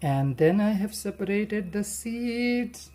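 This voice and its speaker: A woman's voice: medium pitch, expressive, slow pace, mellow. A woman hosting a cooking livestream, chatting playfully and chanting silly sing-song phrases as she cooks.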